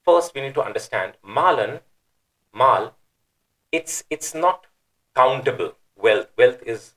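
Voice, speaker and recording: A man teaching, explaining a scripture translation patiently, repeating phrases and pausing with fillers. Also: mid-range voice, lively intonation, a bit bright, rough recording. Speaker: Quran teacher.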